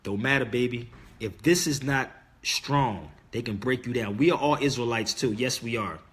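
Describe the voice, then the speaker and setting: A middle-aged man preaches to his livestream audience in a casual monologue. His voice sits at an ordinary pitch for a man. He is insistent and emphatic, hammering his points home by repeating key words. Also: moderate pace, a bit bright. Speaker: livestream host.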